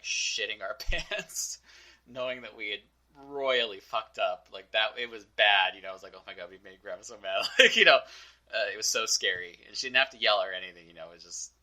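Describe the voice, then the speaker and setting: A man's voice: low-pitched, sharp tone, low-quality recording. A young man hosting a podcast, telling a personal story in a candid, reflective way with many fillers. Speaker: podcast host.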